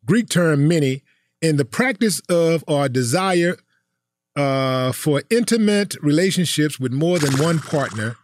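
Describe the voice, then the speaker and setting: A man's voice: on the high side, lively intonation, unhurried, no echo, studio quality. A man hosting a podcast in casual chat, curious and full of questions. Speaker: podcast host.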